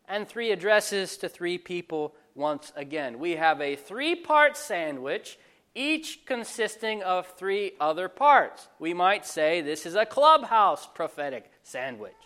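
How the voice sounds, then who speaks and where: A man's voice: on the high side, big pitch swings, slow, a bit bright. A man preaching an expository sermon, driving points home with emphatic rhetorical questions. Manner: emphatic, rhetorical questions, stressing key words.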